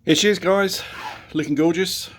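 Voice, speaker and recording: A man's voice: sits high, fairly even intonation, moderate pace. Chatty man in an echoey garage. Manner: chatty, laughs often. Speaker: motorcycle vlogger. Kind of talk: casual storytelling vlog. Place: home garage.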